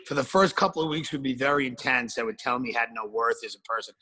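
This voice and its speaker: A man appearing as a podcast guest over a video call, talking in a sardonic, deadpan and profane way. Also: medium pitch, quick pace, husky, rough recording. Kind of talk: casual chat.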